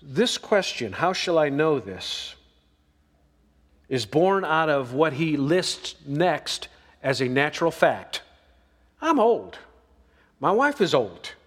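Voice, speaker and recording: Slow, animated preacher man in a hall. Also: a little high, slightly rough. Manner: folksy, emphatic preaching with drawn-out reading of verses. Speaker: pastor. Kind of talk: sermon.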